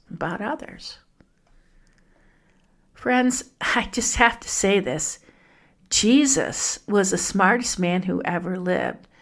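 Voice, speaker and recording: A woman hosts a devotional podcast, talking to her listeners as friends. She speaks slowly and thoughtfully at a moderate pitch, with a gentle, musing manner. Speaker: podcast host.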